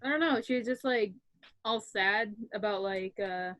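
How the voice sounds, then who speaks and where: A woman's voice: mid-range voice, moderate pace, fairly bright tone, no echo. A woman in a casual book club chat who talks hesitantly, full of "like" and trailing thoughts. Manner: hesitant, many "like" fillers.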